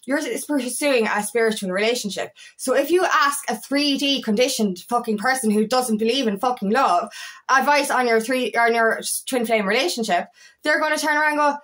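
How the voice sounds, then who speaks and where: A woman's voice: fairly high pitch, normal speed, fairly bright tone. A woman coaching on spirituality in an unscripted, impassioned rant, swearing constantly as she talks to her followers. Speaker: feminine empowerment coach.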